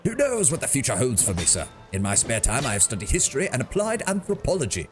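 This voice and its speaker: A man's voice: medium pitch, huge pitch swings, fast talker, music in the background, voice pushed up. A man voicing a pompous, proud male mercenary captain with a put-on British accent and grand, boastful speech.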